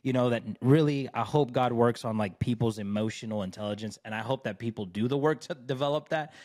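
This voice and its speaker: A man's voice: mid-range voice, brisk, darkish tone. A man on a podcast as a divorce recovery coach, telling his own story in an emphatic, faith-driven way and often checking in with "right?". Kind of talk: conversational storytelling.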